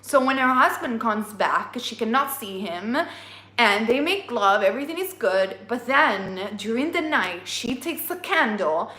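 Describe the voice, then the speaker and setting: Bright, animated woman telling a story. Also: a little high, unhurried, reverberant. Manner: animated storytelling, addressing listeners by star sign. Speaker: astrology reader. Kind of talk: tarot reading monologue.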